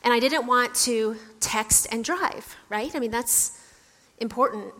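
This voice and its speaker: A woman's voice: a little high, measured pace, fairly bright tone. A woman pastor giving a conversational sermon, chatty and self-deprecating as she tells a story. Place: church sanctuary. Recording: echoey church hall.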